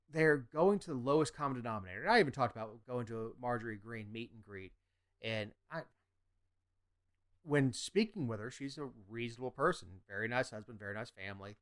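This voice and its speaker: A man co-hosts a casual political podcast from Georgia. He is blunt and opinionated. His voice is smooth and clean, pitched in the middle. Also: animated, moderate pace, long pauses. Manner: blunt, opinionated, drops into mocking impressions. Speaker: podcast co-host.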